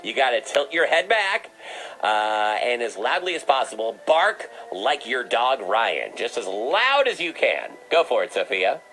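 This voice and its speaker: A man's voice: medium pitch, big pitch swings, unhurried, over music, poor audio. A man hosting a comedic call-in show, teasing a caller with a playful, stammering delivery and a mock pet-psychic bit.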